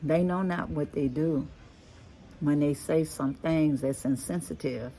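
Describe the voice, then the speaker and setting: A middle-aged woman with a Texas Creole accent, a blend of Louisiana and Galveston, talks to her viewers in a low, unhurried voice. She draws out her words and keeps calling them "y'all". A faint outdoor hum sits behind her. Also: mellow. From Texas, USA. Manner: slow, drawn-out talk, often saying "y'all". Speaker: vlogger. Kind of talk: casual chat to viewers. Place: rooftop outdoors.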